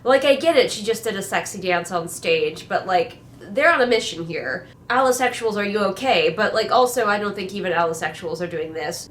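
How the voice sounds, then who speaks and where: A woman's voice: on the low side, fairly bright tone, slight background noise. A woman picks apart a book in a sarcastic, chatty tone, leaning on filler words as she goes. Her voice sounds a bit worn. She is recorded at home, and the room gives a noticeable echo. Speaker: book reviewer. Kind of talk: sarcastic casual book critique. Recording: roomy echo.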